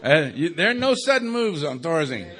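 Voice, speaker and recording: A man in his sixties from Los Angeles telling his recovery story at an AA meeting, with wry dark humor, conversational tag questions, and a quieter, subdued delivery for grave memories. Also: a little high, very animated, a little fast. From Los Angeles, USA. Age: 60s. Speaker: AA speaker. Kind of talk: recovery talk to a live audience.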